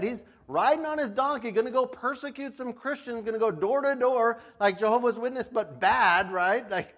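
A man's voice: high voice, a bit bright. A male pastor giving a casual, chatty sermon, telling the story with frequent laughs and acted-out voices. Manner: chatty, laughs often, lots of "like".

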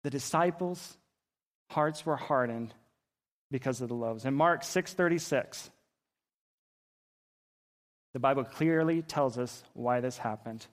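A pastor preaching a sermon, telling a personal story with rising emotion and loud, intense peaks. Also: male voice, mid-range voice, slow, long pauses. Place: auditorium.

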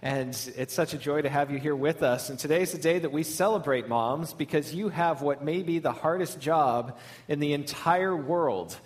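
A male lead pastor giving a sermon, telling a funny story in a warm, storytelling manner. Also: a little high, normal speed.

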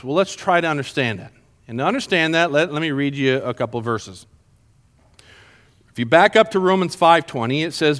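A man with a high voice teaches a Bible lesson to a small group. His pitch swings widely as he explains the verses. He keeps checking in with his listeners to make sure they are following. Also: a bit bright.

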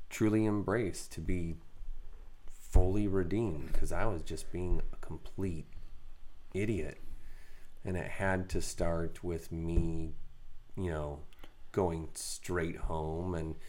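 A man co-hosting a faith podcast, telling a candid, self-deprecating personal story in casual conversation. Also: deep voice. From raised in a Mennonite Brethren community. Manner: candid, self-deprecating, animated when quoting others. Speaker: podcast co-host.

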